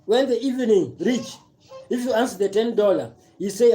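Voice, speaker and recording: A man's voice: sits high, lively intonation, moderate pace, mellow. A man with a Kenyan accent giving impassioned, repetitive political commentary on a live stream, mixing broken English with Swahili.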